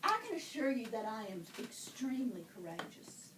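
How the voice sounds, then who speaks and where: A woman voicing a prim, overly polite young male rascal who speaks softly and precisely. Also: on the high side, sing-song, normal speed. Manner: soft, formal and precise. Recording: echoey room, far mic, noisy.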